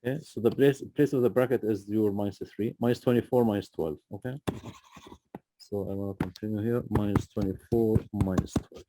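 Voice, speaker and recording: A man's voice: on the low side, steady tone, a little fast, background noise. A man tutoring a student through a math problem, patient and often checking in with "okay?". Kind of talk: live tutoring session.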